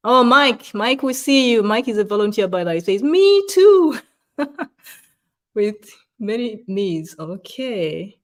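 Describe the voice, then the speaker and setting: A woman's voice: lowish voice, darkish tone. Chatty woman with a Ugandan accent. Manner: chatty, greeting viewers and reading comments aloud. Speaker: livestream co-host. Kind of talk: casual live-stream hosting.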